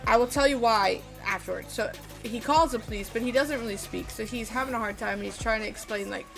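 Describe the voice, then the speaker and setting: A woman's voice: on the high side, fairly quick, vocal fry. Swearing woman streamer telling a story. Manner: rambling, lots of fillers and swearing. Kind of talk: casual storytelling while gaming. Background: music.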